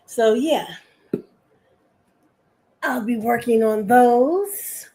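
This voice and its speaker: A woman's voice: fairly high pitch, very slow, long pauses, warm tone. An older woman hosting a live crafting stream, chatting in a rambling, homey way with viewers and her pet.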